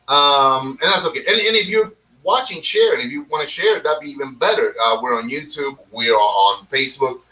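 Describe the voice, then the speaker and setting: A man hosts a laid-back talk show, drifting between topics, ribbing his friends and swearing freely. His voice is bright and sits a little back from the microphone. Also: a little high, animated, moderate pace, distant mic, rough recording. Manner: rambling, teasing, swears freely. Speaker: host of a cigar talk show. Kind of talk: casual chat.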